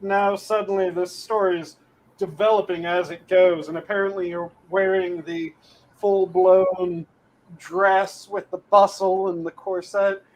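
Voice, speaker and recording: A man's voice: high-pitched, little pitch movement, measured pace, a little mellow, slight background noise, low-quality recording. A man hosting a casual podcast chat, talking in a dry, wordy and sardonic way. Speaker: show host.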